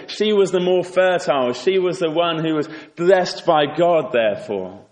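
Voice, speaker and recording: A man preaching a sermon in an earnest, exhorting way, asking rhetorical questions. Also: fairly high pitch. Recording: echoey hall with long reverb.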